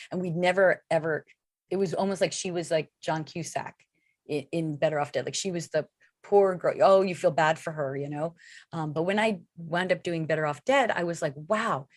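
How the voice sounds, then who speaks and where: A woman's voice: on the low side, no room sound, clean studio sound. A middle-aged woman, an actress guest in a casual interview, talking in a chatty, rambling way with many fillers.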